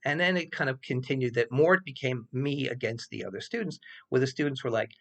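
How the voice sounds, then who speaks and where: A man's voice: mid-range voice, a little fast. A man in his sixties, a professor, telling a rambling personal story in a loose, casual way and swearing freely. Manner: animated, acts out quoted voices, swears freely; loose and rambling with many fillers.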